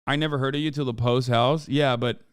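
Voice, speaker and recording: A man streaming live, reacting to a video in rambling, animated casual talk full of fillers. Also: mid-range voice, brisk, clean tone, dry recording, studio quality.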